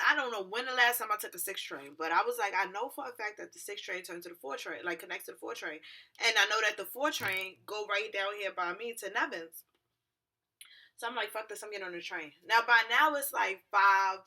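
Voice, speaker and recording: A young woman telling a story to her viewers in a lively, profane, slangy way. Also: mid-range voice. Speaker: vlogger. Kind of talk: storytime vlog.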